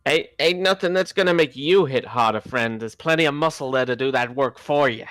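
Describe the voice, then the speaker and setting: A man doing a smooth-talking haggling merchant. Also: mid-range voice, a little fast, a bit bright, no room sound, studio quality, natural voice. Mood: salesy. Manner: wheedling salesman patter.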